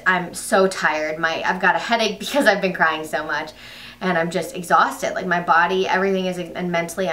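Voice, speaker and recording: A woman's voice: lowish voice, bright, forceful tone, distant mic. A young woman telling a story in a casual vlog, chatty and full of "like" fillers. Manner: chatty, lots of "like" fillers, quoted asides. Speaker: vlogger.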